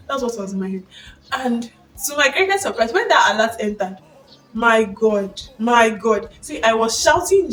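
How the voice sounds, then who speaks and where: A young woman with a Nigerian accent shares a personal testimony in a casual vlog. She tells it expressively and breaks into excited exclamations. Her voice sits a little back from the microphone over faint background music. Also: on the high side, normal speed, distant mic, low-quality recording. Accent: Nigerian English. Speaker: vlogger sharing a faith testimony.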